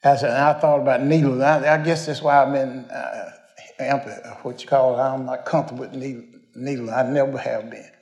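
A man's voice: mid-range voice, fairly even intonation, fairly quick, darkish tone, roomy sound. An older man, preaching a folksy storytelling sermon, rambling and homespun as he addresses the congregation.

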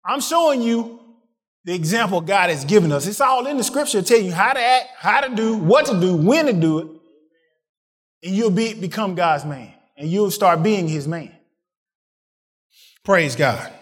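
Guy preaching, pretty high voice, tosses questions at the church, gets loud then real quiet. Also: moderate pace. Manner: call-and-response preaching, rising to excited peaks then dropping low. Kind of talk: sermon.

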